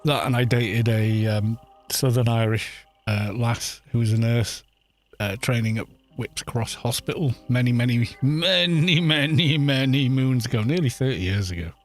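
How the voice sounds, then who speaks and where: A man's voice: mid-range voice, steady tone, normal speed, darkish tone, soft background music. A middle-aged man with a London accent, chatting in a rambling way with viewers while he streams a game. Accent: London English. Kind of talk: casual chat while gaming.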